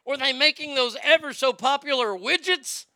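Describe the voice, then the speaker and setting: A middle-aged man rattles through a comedic commentary in a mocking, sarcastic tone, laughing at his own jokes. His voice sits high and bright, with a gravelly rasp. It is recorded dry, with no room sound. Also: normal speed, dry recording. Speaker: host.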